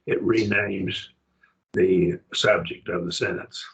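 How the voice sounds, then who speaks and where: A man's voice: low voice, little pitch movement, slow pace, gravelly, dull audio. An older man teaching a Greek grammar lesson, patient, checking that his student follows. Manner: patient, explains step by step, checks understanding.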